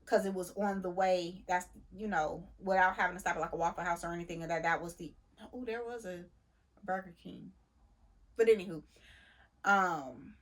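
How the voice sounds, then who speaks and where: A woman, a truck driver, telling a story in a casual, animated and indignant way. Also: on the low side. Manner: animated, indignant retelling with laughs.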